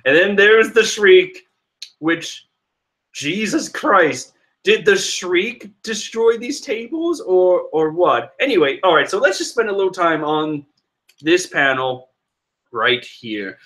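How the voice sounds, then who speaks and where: Vlogger man, higher-pitched voice, excitable rambling comic commentary, quick laughs. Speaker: manga reaction vlogger. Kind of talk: casual comic reading commentary.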